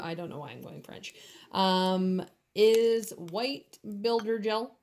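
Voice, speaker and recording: A woman's voice: mid-range voice, darkish tone. A woman doing nails in her home studio, talking through each step in a casual, chatty way with lots of fillers. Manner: slow, chatty, with many fillers. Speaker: nail artist. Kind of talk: casual tutorial chat.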